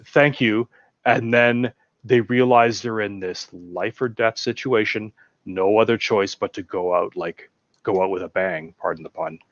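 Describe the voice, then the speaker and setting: Guest, male, low-pitched, excitable fan energy, muffled dry mic sound. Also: unhurried, dry recording. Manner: enthusiastic, animated retelling with acted-out quotes. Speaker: podcast guest. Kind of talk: casual film discussion.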